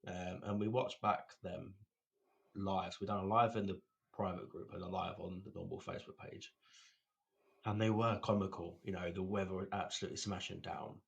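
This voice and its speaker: Deep-voiced podcast co-host. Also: male voice, steady tone, normal speed, gravelly, lo-fi sound. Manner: rambling, repeats words, laughs often. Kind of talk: casual chat.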